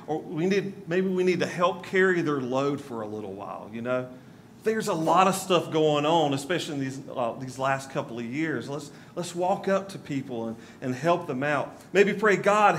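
A man's voice: a little high, a little hiss or hum. A male pastor from North Carolina, giving a conversational sermon with asides to the congregation in a church. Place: church sanctuary.

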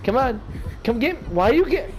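A man's voice: very high-pitched, big pitch swings, normal speed, faint music behind, rough recording. A drunk man giving rambling, taunting commentary on his own gameplay. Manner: taunting, rambling, talks to the game. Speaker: gamer streaming his play.

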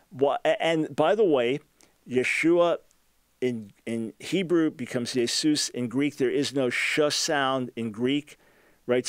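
A man's voice: medium pitch, clear, resonant tone, dry recording. Emphatic man explaining scholarship, dry sound. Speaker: radio talk show host. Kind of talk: answering a listener's question.

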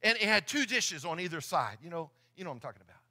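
Bright high-voiced earnest pastor preaching. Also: male voice, very animated, quick pace. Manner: earnest, repeats words while speaking. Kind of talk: sermon. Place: church sanctuary.

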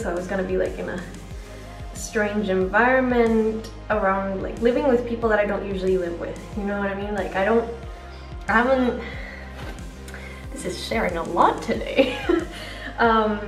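A young woman from Mexico with a British English accent, chatting while doing her makeup in a rambling, self-correcting way with casual swearing. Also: mid-range voice. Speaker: beauty vlogger. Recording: echoey room, mic a bit far, faint music.

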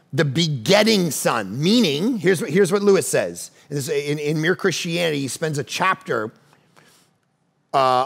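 A man preaching a sermon as pastor, swinging from loud urgent appeals to quiet teaching. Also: fairly high pitch, gravelly. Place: church stage.

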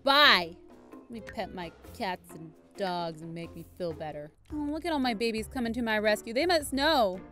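A woman giving bubbly, excitable commentary while playing a video game, talking to the characters on screen. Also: medium pitch, moderate pace, faint music behind. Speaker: gaming video host. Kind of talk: casual gameplay commentary.

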